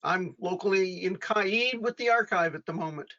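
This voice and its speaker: A man, a corporate archivist, introducing himself in halting, hesitant speech in an online meeting. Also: medium pitch, a bit bright. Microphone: video call. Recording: dull lo-fi webinar audio.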